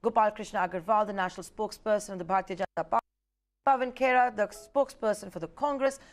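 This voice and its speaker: A woman news anchor, asking brisk, probing questions and introducing a panel. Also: medium pitch. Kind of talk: television news interview and panel hosting.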